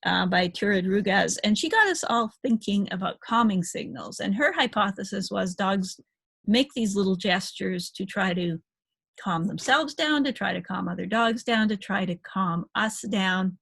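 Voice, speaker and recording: A woman talks through slides in a recorded dog-behavior lecture, chatty and easygoing, now and then laughing a little. Her voice is husky and slightly gravelly, at a middling pitch. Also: moderate pace, a bit bright. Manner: chatty, explains slide photos with small laughs.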